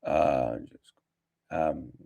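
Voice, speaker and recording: A man's voice: very deep voice, very slow, gravelly, mellow, dull audio. A man hosting a livestream, combative and mocking, repeating himself for emphasis. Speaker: livestream host answering comments. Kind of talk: casual livestream talk.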